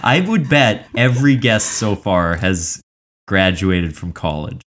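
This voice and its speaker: A man co-hosts a podcast in casual, lively banter, his voice sitting on the low side. He speaks quickly when introducing the guest and setting up bits. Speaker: podcast co-host.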